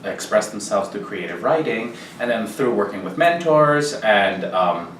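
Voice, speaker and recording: A man, a guest performer, chatting casually and telling stories at a quick clip. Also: fairly low pitch, lively intonation, fairly bright tone, recorded from a distance, slight background noise. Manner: fast, chatty storytelling. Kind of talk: casual chat and singing. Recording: roomy, from the mic, with piano.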